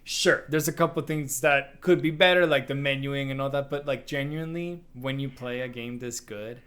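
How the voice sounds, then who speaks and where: A man co-hosting a casual video game podcast, gushing and animated, often laughing. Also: mid-range voice, normal speed, clear, resonant tone. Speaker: podcast co-host. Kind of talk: casual game review chat.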